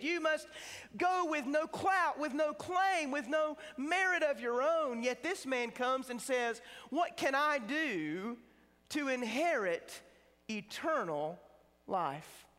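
A man preaching a sermon in a chapel, emphatic and slowing down to stress key words. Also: very high-pitched, pushed and bright. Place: seminary chapel. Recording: chapel with long reverb.

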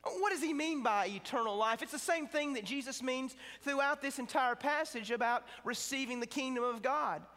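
Guy preaching in a chapel, really high voice, long echo, stretches out the big words. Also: bright, forceful tone. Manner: emphatic, slows down on key words. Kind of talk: sermon. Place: seminary chapel.

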